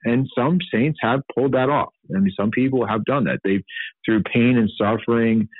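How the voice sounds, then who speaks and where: A man hosting a Catholic teaching podcast offers unscripted commentary in a mid-range voice at normal speed. He speaks earnestly off the cuff, full of fillers and restarts, and the recording is dry and phone-like with no room sound.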